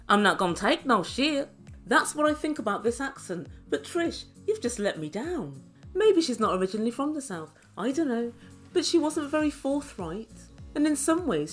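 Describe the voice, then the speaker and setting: A woman's voice: high-pitched, a little mellow. A woman giving an opinionated, sarcastic recap of a reality show, talking straight to her viewers. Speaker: reality TV reviewer. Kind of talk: chatty commentary recap.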